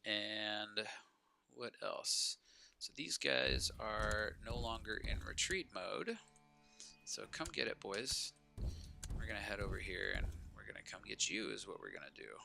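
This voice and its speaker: A man's voice: on the low side, animated, unhurried, gravelly, over music. A man giving casual live commentary while playing a strategy game, chatting to viewers and talking back to the characters on screen.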